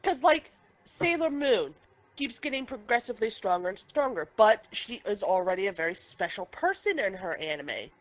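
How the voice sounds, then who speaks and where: A woman's voice: medium pitch, sing-song, normal speed, rough recording. A woman co-hosting a casual review podcast, talking heatedly, swearing freely and firing off objections. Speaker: podcast co-host. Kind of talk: casual chat, episode review.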